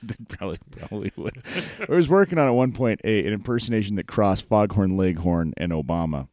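A man's voice: on the low side, expressive, brisk, darkish tone, no room sound. A man hosting a podcast in a casual, rambling way, with plenty of fillers and restarts. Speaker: podcast host. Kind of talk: casual talk-show chat.

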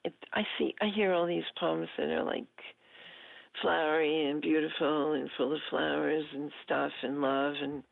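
A woman's voice: low-pitched, steady tone, moderate pace, gravelly, no echo. A woman calling in to a show to share a poem, chatting playfully and giggling. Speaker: caller reading her poem. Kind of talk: phone-in chat. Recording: tinny phone line.

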